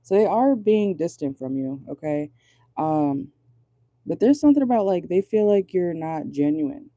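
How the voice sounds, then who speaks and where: Blunt, chatty tarot reader with a deep dark tone. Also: animated, moderate pace, no room sound. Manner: chatty, blunt, swears freely; laughs often. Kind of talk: casual tarot reading. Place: inside a parked car.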